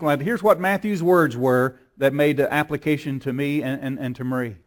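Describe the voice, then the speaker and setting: Preacher guy, high-pitched voice, storytelling sermon, repeats himself, builds up loud. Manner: storytelling, repeats words, rises to emphatic peaks. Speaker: pastor.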